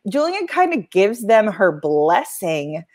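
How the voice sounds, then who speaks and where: A woman hosts a casual podcast chat about a TV show, talkative and wry, with frequent filler words. Her pitch sits in a plain middle range. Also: sing-song, takes it slowly, darkish tone. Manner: chatty, wry asides, lots of "like". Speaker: podcast host.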